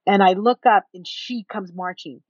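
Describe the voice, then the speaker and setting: A woman guest in an interview, telling a story in an animated way and acting out the people in it. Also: mid-range voice, normal speed, breathy edge, dry recording, highs cut off. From Texas. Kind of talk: storytelling in a conversation.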